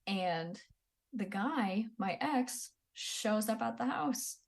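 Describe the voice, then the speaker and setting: A woman in her twenties sits in as a podcast guest and recounts her past in plain, candid talk. Her manner is blunt and profane. Her voice sits at a middling pitch for a woman. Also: lively intonation, takes it slowly, vocal fry. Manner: blunt and profane, acts out quoted people. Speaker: podcast guest, Army veteran. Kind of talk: candid casual storytelling.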